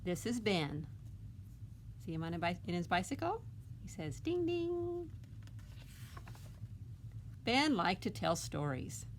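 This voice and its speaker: A woman's voice: lowish voice, sing-song, moderate pace, slight background noise. A woman reading a picture book aloud at a library storytime, asking the children questions and adding coaxing "huh?" tags.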